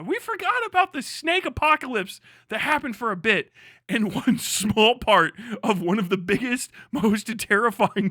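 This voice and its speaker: An American man on a live stream, ranting with lots of swearing, swinging between shouting and muttering. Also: extremely high pitch, dry recording, studio quality. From United States. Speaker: livestreamer. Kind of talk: profane rant on a live stream.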